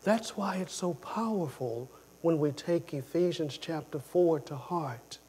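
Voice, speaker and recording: A man preaching a sermon, telling stories in an animated way and often repeating himself, moving between loud, emphatic phrases and quiet ones. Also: fairly high pitch, a little slow, slight background noise.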